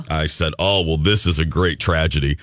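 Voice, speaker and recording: Radio host, male, very low voice, dry close studio mic, rambling self-deprecating storyteller. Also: fairly even intonation, fairly quick, a bit bright, dry recording. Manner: chatty storyteller, self-mocking. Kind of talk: casual morning radio chat.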